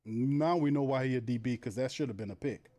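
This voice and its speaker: A man hosts a live football watch party at an everyday mid pitch. He calls each play quickly, reads viewers' messages aloud and keeps laughing at how badly his team is doing. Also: warm tone. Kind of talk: casual live game commentary.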